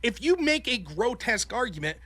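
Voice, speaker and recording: A man's voice: very high voice, very animated, brisk, bright, forceful tone, no echo. A man in his thirties hosting a casual call-in show, telling profane stories with acted-out quotes. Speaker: host.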